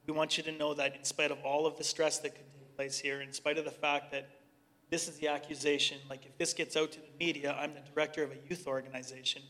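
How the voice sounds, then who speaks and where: A man's voice: fairly high pitch, flat delivery, fast, bright, forceful tone. Earnest man in a reverberant hall. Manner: earnest, conversational, with searching restarts. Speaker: youth organization director and speaker. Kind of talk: personal testimony and leading prayer.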